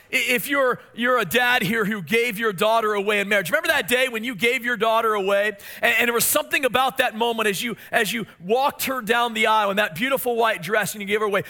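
A male pastor in his forties preaches with a high, bright, ringing voice. He tells family stories in an animated way and turns to his listeners with questions. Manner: storytelling, animated, asks the congregation questions. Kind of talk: sermon.

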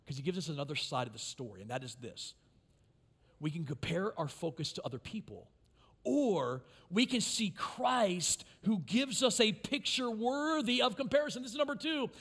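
A man preaching a sermon, moving between quiet, intimate stretches and loud, impassioned passages. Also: on the high side, husky. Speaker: pastor.

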